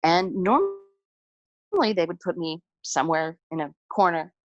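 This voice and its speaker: A woman with a somewhat low voice, a podcast guest telling anecdotes with easy amusement and plenty of "um" and "like". It is recorded dry and close. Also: unhurried, no room sound, dull audio. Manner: relaxed, amused storyteller with frequent fillers. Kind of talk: casual storytelling conversation.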